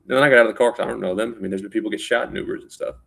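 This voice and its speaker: A man's voice: on the low side, steady tone, very fast, vocal fry, a bit bright, slightly rough. A man telling a rambling personal story in a casual spoken style, often restarting and repeating words.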